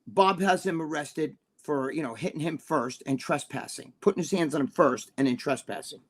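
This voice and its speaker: A man's voice: fairly high pitch, normal speed. A man talking as a podcast guest, telling blunt, profane stories and checking in with his listener as he goes. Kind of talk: casual chat on a live-streamed podcast.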